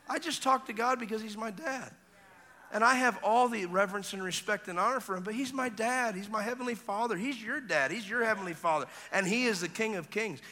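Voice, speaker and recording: A man preaching a revival sermon as an evangelist, telling stories and acting out voices, going from hushed to shouting. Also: high-pitched. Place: large church hall. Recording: long hall reverb.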